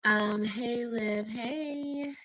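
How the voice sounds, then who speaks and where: A woman's voice: on the high side, extremely slow, fairly bright tone, low-quality recording. A woman vlogging casually from home, chatting to viewers and answering comments. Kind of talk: casual chat.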